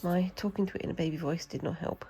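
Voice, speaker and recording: British woman, craft vlogger with a cold, low and gravelly, rambling chat, faint music behind. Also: fairly even intonation, fast talker, mellow, low-quality recording. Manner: chatty and rambling, talks to herself while working. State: has a cold. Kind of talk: casual demonstration while crafting.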